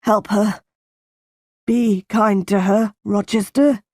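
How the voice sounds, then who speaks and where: A woman's voice: mid-range voice, steady tone, slow, a little mellow, dry recording, studio quality. Woman reading as a wounded pleading man.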